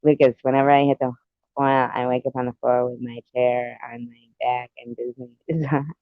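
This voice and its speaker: A man's voice: medium pitch, little pitch movement, a little fast, dry recording, narrow, tinny audio. A man chatting with viewers on a live stream, giggly and meandering, often trailing off. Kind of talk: casual rambling chat.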